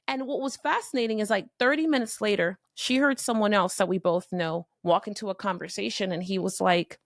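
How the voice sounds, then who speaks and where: A middle-aged woman from Miami talks straight to the listener in a candid, animated motivational monologue, swearing now and then. Her voice carries a gravelly fry, and the recording is close and dry. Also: medium pitch, fast, few pauses, dry recording. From Miami, Florida. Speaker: podcast host.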